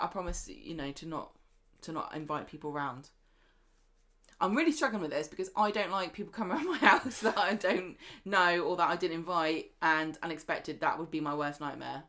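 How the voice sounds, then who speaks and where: A woman co-hosting a casual chat show, recapping a soap and acting out the characters' lines in lively bursts. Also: on the low side, normal speed. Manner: chatty, acts out characters' lines in animated bursts. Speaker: podcast co-host.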